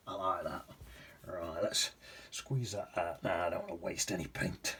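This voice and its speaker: A man's voice: low-pitched, unhurried, husky. A man teaching watercolour, chatting casually and often dropping to a whisper as he paints. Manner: chatty, drifts into soft whispers and hums while painting.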